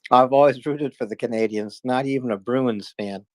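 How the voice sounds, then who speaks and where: A man's voice: mid-range voice, normal speed, a little mellow, no room sound. A man with a New England accent hosting a casual online talk, joking easily with callers. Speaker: host. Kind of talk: casual chat.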